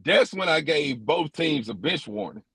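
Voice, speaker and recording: A man's voice: a little high, expressive, normal speed, pushed and bright, breathy edge, no room sound. A man, an umpire, recounting a tense game in a podcast interview, quoting exchanges word for word.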